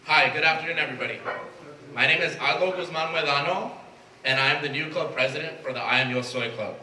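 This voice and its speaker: A man's voice: a little high, fast talker, very noisy. A young man from Mexico, the new president of a student club, giving an earnest, emotional prepared speech. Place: event space at a college. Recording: echoey room from far off, faint ambience.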